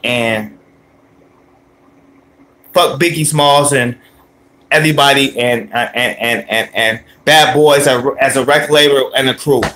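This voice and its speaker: A man's voice: medium pitch, measured pace, long pauses, sharp tone, a little hiss or hum. A young man livestreaming from his phone as he walks to a store, rambling, swearing and answering his chat. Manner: profane, rambling and joking, talks back to chat. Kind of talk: casual livestream talk. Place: out walking to a store, then inside the store.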